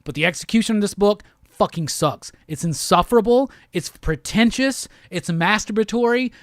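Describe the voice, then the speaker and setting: This man's voice sits high and moves at a moderate pace, recorded dry with studio quality. Hosting a comic book show, he delivers a heated, profane review as a repetitive rant.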